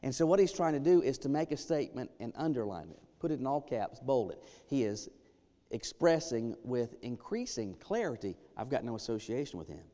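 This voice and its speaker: A man preaching a sermon as pastor, emphatic, dropping to a hush and then rising loud. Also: mid-range voice, sing-song, moderate pace. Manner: emphatic, swings from hushed to loud. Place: church sanctuary. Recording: long church reverb.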